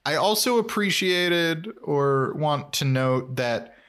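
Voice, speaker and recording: A man's voice: a little high, expressive, slow pace, fairly bright tone, smooth. A man co-hosting a podcast, chatting casually about a TV episode, laughing often and acting out scenes. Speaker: podcast co-host. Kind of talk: casual chat recapping a TV episode.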